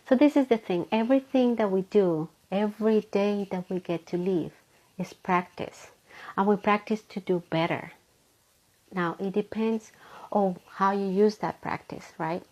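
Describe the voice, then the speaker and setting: A woman's voice: medium pitch, a little mellow, low-quality recording. A woman giving a live motivational talk from her home office, earnest and full of rhetorical questions to the listener. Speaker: motivational speaker.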